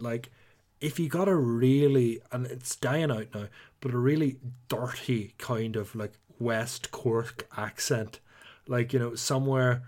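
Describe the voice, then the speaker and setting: Young northern irish guy chatting on a podcast, lively, tells stories. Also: medium pitch. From Northern Ireland. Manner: chatty, animated storytelling with playful put-on voices. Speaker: podcast co-host. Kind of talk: casual chat.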